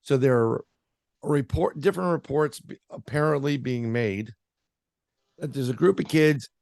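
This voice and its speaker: A man's voice: medium pitch, unhurried, gravelly, darkish tone, no room sound, clean studio sound. A man being interviewed as a paranormal researcher, telling a story in a casual, rambling way with lots of fillers and restarts.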